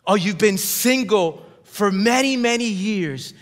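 A male pastor preaches a sermon in a church sanctuary, his voice sitting high as he takes it slowly. He is emphatic, swinging between shouts and hushed drops, and leads the congregation in call-and-response, with long hall reverb on the recording.

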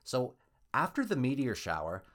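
A man's voice: medium pitch, huge pitch swings, normal speed, a bit bright. A man hosting a podcast, telling a true story casually with wry joking asides.

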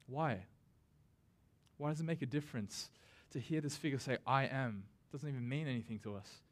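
Conversational man preaching a sermon. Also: mid-range voice. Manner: casual and conversational, with self-deprecating asides; acts out scripture quotes with slow, dramatic emphasis. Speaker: pastor.

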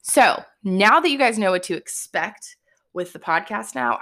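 A woman hosts her own podcast alone and speaks straight to her listeners. She is chatty and excitable, and she keeps checking in with quick "okay?" asides between her points. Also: fairly low pitch. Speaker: podcast host. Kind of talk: casual solo podcast talk.

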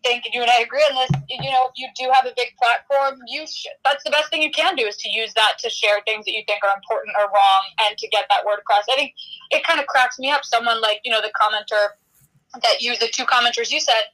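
A woman's voice: a little high, steady tone, quick pace, bright, forceful tone, poor audio. A woman, a magazine editor appearing as a podcast guest, talking in an earnest, conversational way. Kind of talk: casual interview chat.

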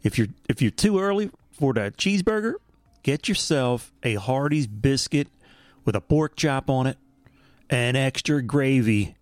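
A man casually reviewing food in a home vlog, enthusiastic and animated. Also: mid-range voice, measured pace, no echo. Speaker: vlogger. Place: bedroom at home.

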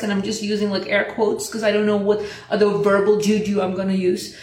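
Young woman, casual storyteller, lively and profane, ordinary pitch, roomy sound. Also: moderate pace. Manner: animated, acts out quoted lines in higher pitch, swears often.

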